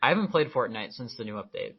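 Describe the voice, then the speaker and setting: Young male co-host, mid-pitched, deadpan ribbing; dull lo-fi recording. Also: fast talker, slightly rough. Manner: dry, teasing banter. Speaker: podcast co-host. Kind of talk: casual chat. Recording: dull lo-fi sound.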